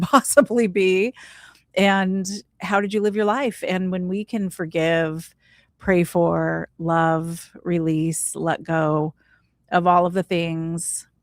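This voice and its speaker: A woman's voice: fairly low pitch, no room sound, clean studio sound. A woman as a podcast guest, telling a heartfelt personal story in a casual, earnest, reflective way, often saying "like". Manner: casual, earnest, leans on "like" while recounting; spiritual, reflective tone.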